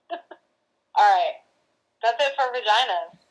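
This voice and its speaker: A woman's voice: a little high, lively intonation, slow pace, low-quality recording. A woman co-hosting a podcast, chiming in with short reactions and jokes. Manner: short reactions and jokey interjections. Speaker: podcast co-host. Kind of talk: casual chat.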